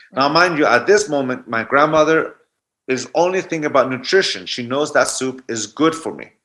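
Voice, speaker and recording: Bright-voiced man telling a story. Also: medium pitch. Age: 40s. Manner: anecdotal, restarts mid-thought. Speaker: guest speaker. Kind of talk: reflective storytelling talk.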